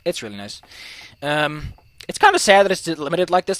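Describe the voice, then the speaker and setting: Animated, profane let's play ranter. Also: medium pitch, very fast, dry recording. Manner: profane, heated, animated ranting. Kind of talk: gaming commentary, ranting.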